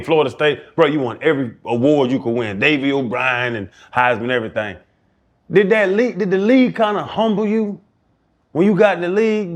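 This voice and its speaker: A man in his forties hosting a podcast, asking questions in a relaxed, slangy way. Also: mid-range voice. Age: 40s. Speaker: podcast host. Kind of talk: casual interview talk.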